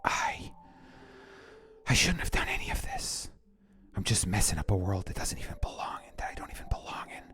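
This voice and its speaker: A despairing young woman from a game speaks in whispered role-play, voiced by a man. Her murmur sits deep and low, yet it lurches across a huge span of pitch from phrase to phrase as she pleads and blames herself. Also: wildly swooping pitch, a little fast, fairly bright tone. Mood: remorseful. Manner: pleading, self-reproaching, breaks into unvoiced whisper.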